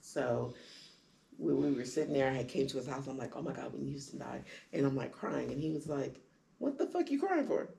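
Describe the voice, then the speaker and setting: A woman candidly telling her own story in conversation, acting out quoted lines with sudden jumps in pitch. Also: fairly even intonation, brisk, gravelly, warm tone, a little hiss or hum. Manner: acts out quoted dialogue with big pitch jumps. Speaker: guest sharing her story.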